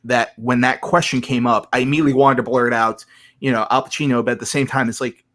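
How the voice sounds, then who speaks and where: A man speaking at a middling pitch, answering podcast questions in a casual way. He hesitates, restarts his sentences and fills the gaps with ums. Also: fairly even intonation, fast, fairly bright tone. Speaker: podcast guest, competitor.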